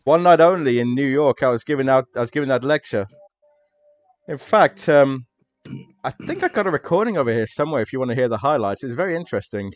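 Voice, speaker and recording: A man's voice: medium pitch, lively intonation, fast talker, no room sound, lightly acted. A man playing a sociable, chatty male professor who is fond of a drink, over slightly dull audio. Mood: friendly. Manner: chatty and hospitable, trailing off and restarting.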